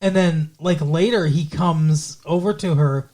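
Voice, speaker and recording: A man's voice: fairly high pitch, measured pace, darkish tone. A man hosting a podcast, chatting casually and retelling a TV episode with lots of fillers. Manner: rambling, filler-heavy retelling. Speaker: podcast host. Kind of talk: casual chat recapping a TV episode.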